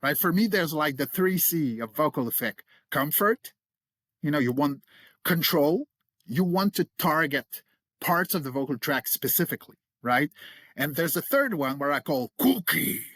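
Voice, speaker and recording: A middle-aged man speaks as an interview guest, explaining technique with easy enthusiasm and a ready laugh. His voice sits a bit high and swings widely in pitch. The sound is dry and close, with no room echo. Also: animated, moderate pace, fairly bright tone. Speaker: guest, creature voice coach.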